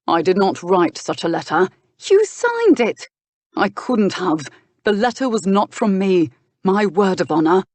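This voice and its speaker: A woman narrator voicing an earnest young gentleman who presses urgently for answers. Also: medium pitch, big pitch swings, measured pace, dry recording. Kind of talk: audiobook dialogue reading.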